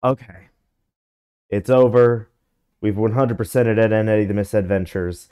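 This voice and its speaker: A man's voice: lowish voice, moderate pace, warm tone, clear, resonant tone. A young man casually commenting on a video game, reading its text aloud and bluntly complaining about it. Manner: reads in-game text aloud with offhand jokes; blunt, grumbling critique. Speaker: gameplay commentator.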